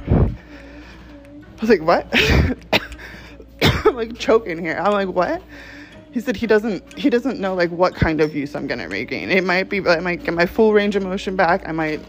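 Laughing, animated woman telling a story. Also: fairly low pitch, a little fast, rough recording. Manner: animated, laughing often, swearing. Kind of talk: casual storytime.

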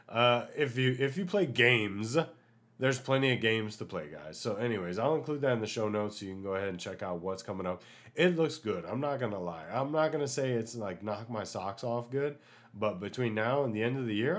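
Man, podcast host, very low voice, animated chatty rant, getting over a cold. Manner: animated, ranting, chatty with many fillers. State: getting over an illness, coughing. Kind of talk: casual solo podcast talk.

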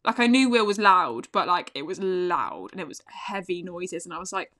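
A woman in casual conversation who talks very fast, hardly pausing for breath, laughing often and swearing now and then. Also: lowish voice, big pitch swings, a bit bright. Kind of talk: casual chat.

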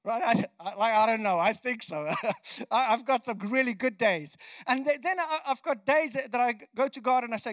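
A man preaching a sermon in a conversational, animated way, often restarting his sentences. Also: very high-pitched, normal speed, no room sound. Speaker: pastor.

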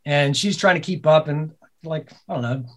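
A man with a fairly high voice tells a story in a loose podcast chat. He is animated and swears freely, often laughing between sentences. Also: moderate pace. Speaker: podcast guest, business co-owner. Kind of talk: casual storytelling conversation.

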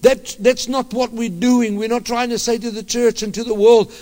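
A man preaching a sermon as a pastor, impassioned and halting, often restarting his phrases. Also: very high-pitched, fairly even intonation, long reverb tail.

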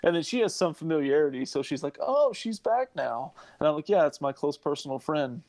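A man's voice: on the high side, fast talker, a little mellow. A man co-hosting a casual chat, easygoing and agreeable.

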